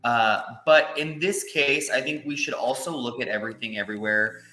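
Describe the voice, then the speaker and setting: A man co-hosting a casual film discussion podcast, speaking in a measured, agreeable way with many fillers. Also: mid-range voice, steady tone, bright, forceful tone. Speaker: podcast co-host. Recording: roomy echo.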